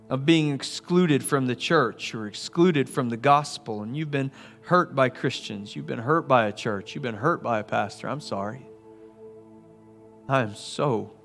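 A man preaching a sermon as a pastor, earnest, swelling to emphatic and then dropping soft. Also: mid-range voice, a little slow, faint music behind.

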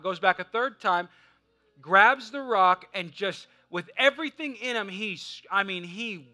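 A man preaching a sermon, swinging from loud fervent exhortation to a hushed, conversational story. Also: high-pitched, lively intonation, moderate pace, soft background music. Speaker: pastor.

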